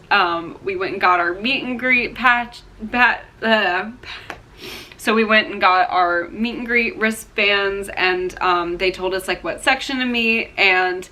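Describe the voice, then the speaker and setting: Bright-voiced young woman telling a story. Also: mid-range voice. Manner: rambling, full of "like" and "um", acts out quoted voices. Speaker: vlogger. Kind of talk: emotional storytelling to camera.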